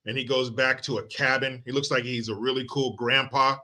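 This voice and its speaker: A man hosting a political commentary video, ranting in a mocking, profane and animated way. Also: mid-range voice, a little fast, few pauses. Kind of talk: comic political rant vlog.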